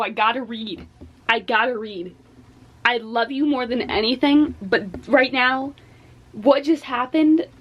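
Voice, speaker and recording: A woman's voice: a little high, fairly bright tone. A young woman in her twenties vlogging while reading, reacting with gushing, emotional exclamations. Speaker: book vlogger. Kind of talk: casual reading vlog chat.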